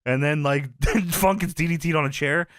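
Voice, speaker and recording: A man casually recapping an old wrestling show, swearing freely, laughing often and loudly acting out the quotes. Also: a little high, normal speed, dry recording, studio quality. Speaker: podcast co-host recapping wrestling.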